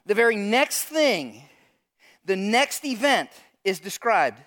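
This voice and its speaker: A middle-aged man with a high voice preaches a sermon. He tells stories in an animated way and talks straight to the congregation in front of him. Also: slow. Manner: animated storytelling, addresses audience directly. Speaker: pastor.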